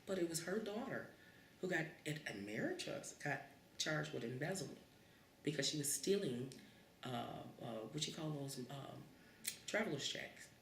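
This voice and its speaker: A woman in her fifties from Cleveland recounts childhood stories in an oral history interview, animatedly acting out the voices in them. Her voice sits low at a normal speed, and the roomy, distant-mic recording carries a slight hiss or hum.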